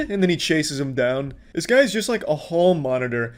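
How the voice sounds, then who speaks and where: A man's voice: mid-range voice, normal speed, hardly any pauses. A man giving sarcastic, profane reaction commentary on video clips, mocking the people in them.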